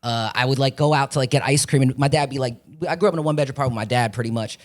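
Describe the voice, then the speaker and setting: Young male actor, fast and profane, mid-pitched, animated storyteller. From Florida. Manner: rambling storytelling, profane, acts out voices. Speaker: podcast guest, actor. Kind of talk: casual chat.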